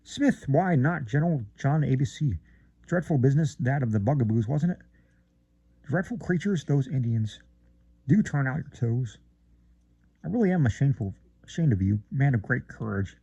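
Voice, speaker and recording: A man's voice: medium pitch, lively intonation, moderate pace, gravelly, mellow, slightly rough, dry recording, muffled recording. A man putting on a gushing society lady. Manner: breathless, gushing, flitting between remarks. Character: chattering fussy society lady.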